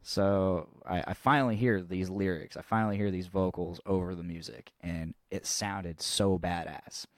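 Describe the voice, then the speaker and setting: Podcast co-host, young man, low voice, loose rambling storyteller, swears freely, dry close sound. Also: steady tone, moderate pace, hardly any pauses, no echo. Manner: rambling, swears freely, restarts often, laughs at own story. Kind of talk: casual storytelling chat.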